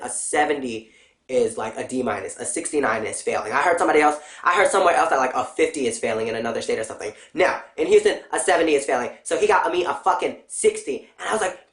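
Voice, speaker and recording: A young adult woman vlogging in a casual, profane, blunt rant with an animated delivery. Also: low-pitched. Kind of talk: casual ranting vlog. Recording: roomy echo.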